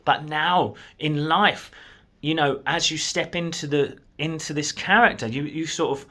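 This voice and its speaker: Male coach, motivational to camera, encouraging and direct, bright tone, a little high. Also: measured pace. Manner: earnest, encouraging, speaks straight to the viewer. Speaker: manifestation coach. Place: at a desk in his own room.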